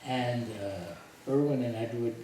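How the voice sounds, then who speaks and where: Picked up from a distance in an echoey hall with audible noise, an older man with a mid-range voice recounts his life story to a group. His slow, animated retelling is full of laughs and lively voiced quotes.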